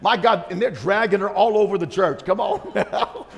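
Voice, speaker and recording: A man preaching a sermon, telling a story in a rambling, animated way with many restarts and asides. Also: high-pitched, moderate pace, creaky. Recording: long hall reverb.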